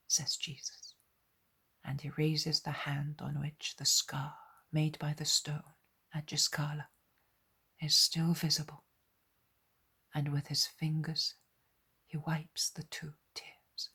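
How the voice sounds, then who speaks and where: A woman's voice: sits low, completely flat delivery, husky. Woman whispering a devotional audiobook. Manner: soft unvoiced whisper, measured. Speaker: audiobook reader.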